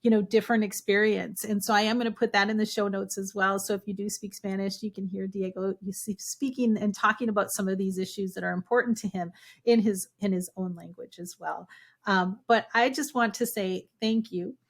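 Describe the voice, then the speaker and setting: A woman's voice: medium pitch, steady tone, brisk. A woman from Minnesota with a Minnesotan accent, hosting a podcast interview with enthusiasm and rambling praise. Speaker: podcast host.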